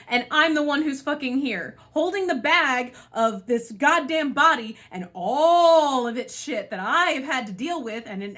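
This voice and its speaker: Frustrated high-voiced woman venting. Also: fairly bright tone. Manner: frustrated, swearing, sighing, venting. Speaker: spiritual channel host. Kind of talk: emotional monologue vent.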